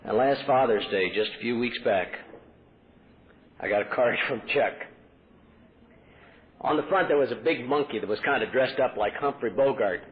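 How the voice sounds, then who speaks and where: A middle-aged Texas man gives a personal recovery talk at a convention podium, preserved on tinny lo-fi 1980s tape. Mid-range in pitch and moderate in pace, he pauses often and earnestly voices the dialogue he quotes.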